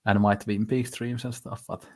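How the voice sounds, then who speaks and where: A man with a lowish, fairly monotone voice, talking through a long casual chat. He rambles eagerly and often restarts his sentences. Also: moderate pace. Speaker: podcast host. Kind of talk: casual discussion.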